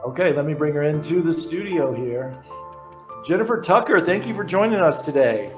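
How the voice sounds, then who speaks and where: A man hosts an interview podcast with an eager, casual manner, often repeating words and restarting his sentences. His voice sits a little high for a man. The room around him gives a noticeable echo. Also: expressive, brisk, music in the background. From New York. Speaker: podcast host.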